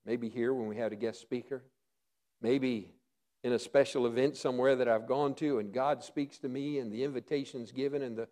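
A middle-aged male pastor preaching a sermon, earnest, often dropping to a hush for emphasis. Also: mid-range voice, steady tone, normal speed.

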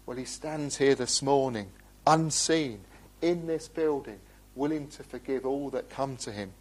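A man preaching a sermon in a church, earnest and pleading, moving between urgent appeals and quiet, gentle asides. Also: medium pitch, unhurried, rough recording. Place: church building.

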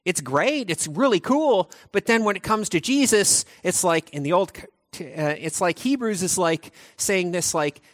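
Lively, high-voiced male preacher. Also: normal speed, dry recording. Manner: animated, chatty preaching with frequent restarts. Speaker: pastor. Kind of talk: conversational sermon.

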